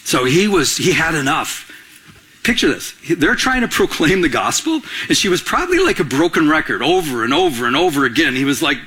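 A middle-aged man preaching a sermon as a pastor, animated and conversational, often asking the congregation questions. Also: a little high, brisk, husky.

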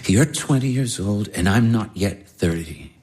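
A man's voice: on the low side, lively intonation, measured pace, a little mellow, slightly rough. An actor in his twenties playing an earnest young baron pleading his love. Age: 20s. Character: earnest young male baron, lovesick suitor. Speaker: baron, suitor. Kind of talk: stage drama acting.

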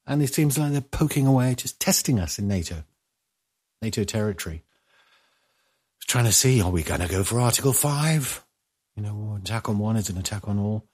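A man hosting a news commentary, chatting casually with rambling, jokey asides that trail off into low mumbles. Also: expressive, normal speed, pauses often, darkish tone, husky.

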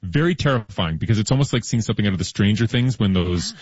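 A man's voice: on the low side, expressive, quick pace, a little mellow, husky, no room sound, dull audio. A man in his thirties or forties, co-hosting a casual science chat, explaining with enthusiasm and lots of fillers. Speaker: podcast co-host.

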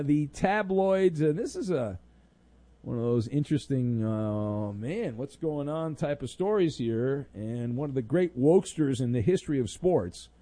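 A man's voice: a little high, dark tone, no echo. A man hosting a sports talk radio show, sarcastic and mock-exasperated with callers.

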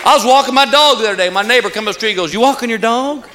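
A man's voice: high voice, rapid-fire, bright, forceful tone. A man doing folksy stand-up comedy before a live audience, telling stories that build to a repeated punchline. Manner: folksy storytelling with punchline refrains. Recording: live stage audio with crowd noise.

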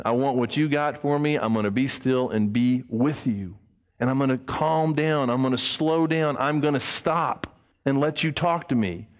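A man preaching a sermon as a pastor, emphatic, his voice swinging between raised and hushed passages. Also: sits high, in a large hall.

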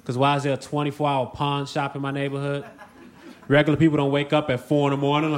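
A man performing a stand-up comedy set with a relaxed, laid-back delivery. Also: fairly high pitch, quick pace. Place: comedy club stage. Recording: noisy live comedy club recording.

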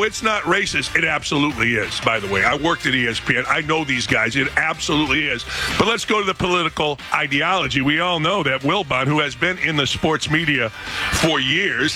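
A man giving sports opinion commentary in a combative, emphatic way, repeating points for emphasis. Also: fairly high pitch.

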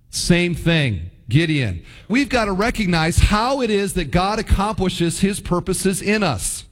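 A man preaching a sermon, acting out biblical characters' voices with big pitch swings. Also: in a large hall. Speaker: pastor.

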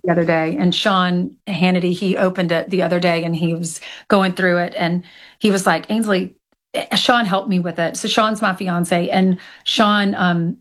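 A woman guest speaks candidly, telling personal stories and poking fun at herself in a relaxed interview. Her voice sits a little lower than most women's. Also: normal speed. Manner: candid, storytelling, self-deprecating. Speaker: guest author. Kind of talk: conversational interview.

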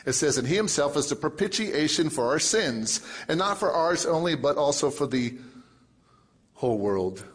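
A male pastor preaching a sermon, emphatic, with lots of repetition and big swings between loud and soft. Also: a little high, expressive, moderate pace.

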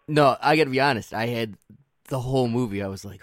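A man's voice: medium pitch, lively intonation, normal speed, no echo, studio quality. Laughing, eager male host. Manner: enthusiastic fan, laughs easily. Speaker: podcast host. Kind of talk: casual interview chat.

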